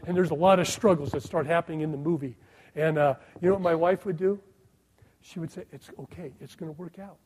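A middle-aged man preaching a sermon, asking the congregation rhetorical questions and dropping from loud emphasis to a hushed voice. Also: on the high side, rough recording. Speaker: pastor.

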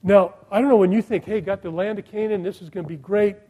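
Middle-aged guy preaching, high-ish warm voice, asks lots of questions then goes real quiet. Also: steady tone, fast, low-quality recording. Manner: rhetorical questions, swings between loud emphasis and hushed near-whisper. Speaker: pastor. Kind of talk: sermon.

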